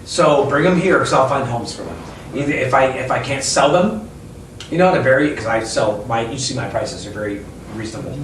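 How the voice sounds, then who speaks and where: A man who owns a bookstore, chatting casually in an interview, rambling and animated as he tells stories. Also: mid-range voice, fairly quick, slight background noise. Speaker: bookstore owner and author. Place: inside his bookstore. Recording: echoey room, mic at a distance.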